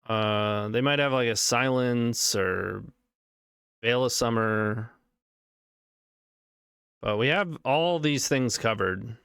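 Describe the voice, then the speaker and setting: A man's voice: mid-range voice, takes it slowly, long pauses, a bit bright, clean tone, no room sound, clean studio sound. A man streaming a card game, talking casually through each play and reacting as it unfolds. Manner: casual running commentary, reacting to plays. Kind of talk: live card game commentary.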